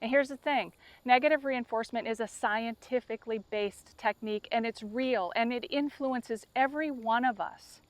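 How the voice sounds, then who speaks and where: A woman's voice: on the high side, normal speed, few pauses. A woman dog trainer making a direct, impassioned appeal to the camera, openly emotional as she speaks.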